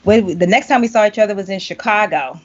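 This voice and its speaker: Woman, casual podcast chat, animated storyteller, slightly muffled sound. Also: quick pace. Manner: animated storyteller, acts out quotes with big pitch jumps, laughs often. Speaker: podcast host, vocal coach.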